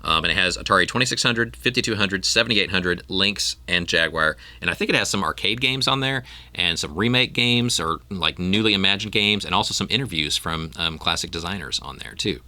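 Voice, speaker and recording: A man's voice: deep voice, brisk, hardly any pauses, bright, forceful tone, no room sound. A man hosting a podcast in casual chat, rambling with frequent ums and restarts. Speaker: podcast host.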